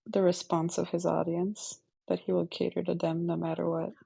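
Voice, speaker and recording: Woman, heavy vocal fry, husky dark voice, hesitant casual chat, dry sound. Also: fairly low pitch, level tone, moderate pace, no room sound. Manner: hesitant, trailing off. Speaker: co-streamer.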